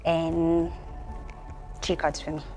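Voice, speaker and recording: A woman's voice: sits low, monotone, slow pace, a little mellow. Teasing young woman. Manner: bossy, teasing, laughs often. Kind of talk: playful couple game chat. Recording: music playing over the talk.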